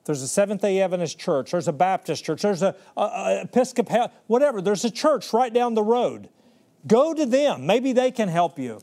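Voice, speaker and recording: A man's voice: high-pitched, big pitch swings, normal speed, a little mellow. A man preaching who voices Jesus as a casual, offhand figure speaking in modern everyday words. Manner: dry, joking modern paraphrase.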